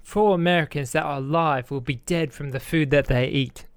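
A man's voice: on the high side, normal speed, clear, resonant tone, no room sound, clean studio sound, close to an everyday voice. A man putting on an earnest English chef. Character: adult male celebrity chef giving an earnest talk. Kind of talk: quoting a speech in a put-on accent.

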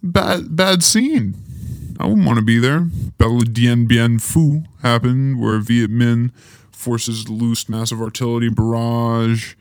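A man's voice: mid-range voice, fairly even intonation, measured pace, a little mellow, clean tone, dry recording, studio quality. A man hosting a podcast, reading through a history timeline and breaking off with offhand, joking asides. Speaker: podcast host. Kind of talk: casual podcast history rundown.

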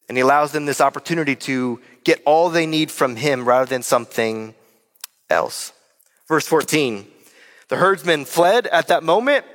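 A young male pastor delivers a sermon with an earnest, direct manner, often turning to address his listeners. His voice sits a little high for a man. It rings out with a long reverb, as in a large sanctuary. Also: fairly bright tone.

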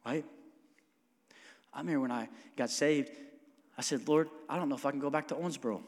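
A man preaching a sermon as pastor, moving from quiet, near-whispered passages to loud, emphatic stretches and calling on the congregation to answer back. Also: medium pitch, fast. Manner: calls for congregation responses. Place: church sanctuary. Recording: long hall reverb.

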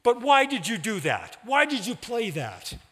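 A man voicing a furious, fanatical male pastor in a read-aloud story, with shrill shouted outbursts. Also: huge pitch swings, a little slow, full character voice. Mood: raging. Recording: long hall reverb.

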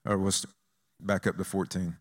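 A man's voice: low voice, moderate pace. A man preaching a conversational sermon, reading scripture and having the congregation repeat lines back. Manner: lively, conversational preaching with call-and-response. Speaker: pastor.

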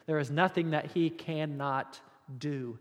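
Guy preaching in a church hall, animated storyteller, kinda high voice, long echo. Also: measured pace. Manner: animated storytelling with playful asides and jokes. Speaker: pastor. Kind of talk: sermon.

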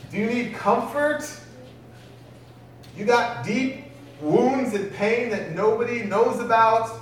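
A man preaching a sermon in a conversational way, often putting questions to the congregation. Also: sits high. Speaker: pastor. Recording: echoey hall from far off, faint noise.

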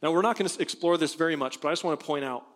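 A man delivers a sermon in an earnest, conversational manner, reading scripture aloud and pressing the congregation with rhetorical questions. His voice sits a little higher than most men's, and long reverb from a church sanctuary trails after his words. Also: rapid-fire. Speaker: pastor.

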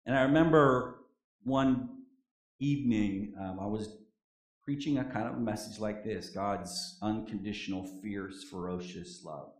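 Male chaplain preaching a sermon at a slow, deliberate pace, emphatic with hushed drops, echoey room. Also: fairly low pitch. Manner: emphatic preaching that swings between loud declarations and soft, quiet drops.

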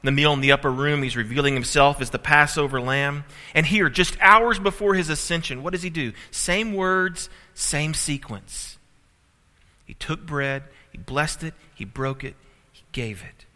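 A man's voice: a little high, normal speed, bright, forceful tone. A man preaching a sermon as pastor, telling a family story with humor and building emphasis. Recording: reverberant hall.

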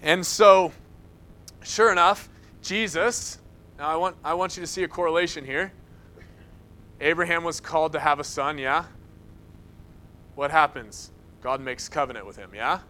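A man delivering a sermon with a high, bright voice. He tells his stories with energy and acts out the lines of the people in them, and his tone stays smooth and clear. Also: moderate pace, pauses often. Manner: animated storytelling, acts out quotes. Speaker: preacher.

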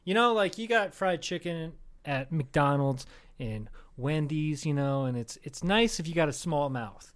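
A man co-hosting a comedy podcast in loose, casual chat, somewhat higher-pitched than most men. He rambles and swears freely, padding his sentences with "dude" and "like.". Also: expressive, unhurried, clean tone. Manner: rambling, profane, keeps saying dude. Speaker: podcast co-host.

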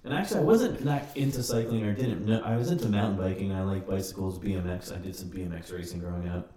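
A man in casual podcast chat, telling rambling, animated stories with swearing. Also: low-pitched, quick pace. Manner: rambling, animated storytelling with cursing. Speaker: podcast participant. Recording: roomy, distant mic with faint ambience.

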